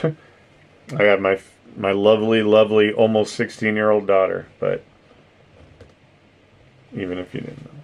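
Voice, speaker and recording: A man's voice: on the low side, level tone, unhurried, vocal fry, long pauses, clean tone. A middle-aged man hosting a live stream, chatting casually with viewers, rambling, swearing and laughing often. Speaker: streamer host reading chat.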